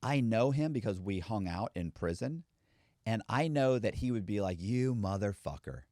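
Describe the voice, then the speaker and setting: A man's voice: on the low side, animated, normal speed, darkish tone, no room sound, studio quality. A man, a former con man, talking candidly in a casual podcast conversation and acting out quoted voices.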